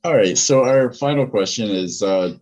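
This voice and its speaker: A man co-hosting a podcast, casual and laid-back, asking halting questions and cracking dry jokes. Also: on the low side, darkish tone, dull audio. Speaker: podcast co-host. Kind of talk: casual interview chat.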